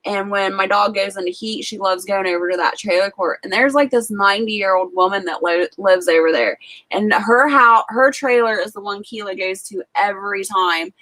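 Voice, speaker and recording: Speaking at a normal speed, this livestream host has a mid-range, fairly bright voice. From her rural farm home she spins chatty, casual stories, using "like" a lot and wandering into asides.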